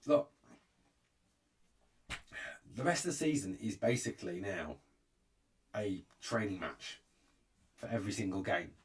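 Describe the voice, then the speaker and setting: A man's voice: lowish voice, expressive, measured pace, pauses often, far from the mic, slight background noise. A man hosting a fan channel, giving an exasperated, emphatic commentary and often repeating himself. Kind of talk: opinionated fan commentary monologue.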